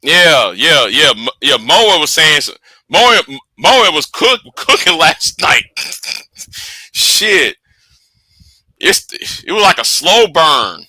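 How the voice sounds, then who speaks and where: A man hosting a casual livestream, rambling with repeated words, profanity and quiet trailing asides. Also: on the high side, very animated, slow, dry recording. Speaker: livestream host.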